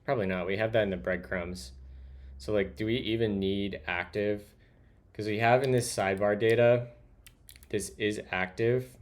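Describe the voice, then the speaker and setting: A man's voice: lowish voice, steady tone, moderate pace. A man streaming live as he codes, thinking aloud and muttering to himself as he types. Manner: muttering to himself while typing. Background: keyboard typing.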